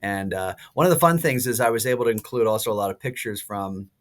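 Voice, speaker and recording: A priest in his sixties, a podcast guest, telling stories in a lively way with many fillers and restarts. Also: on the low side, quick pace. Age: 60s. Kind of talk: casual podcast interview.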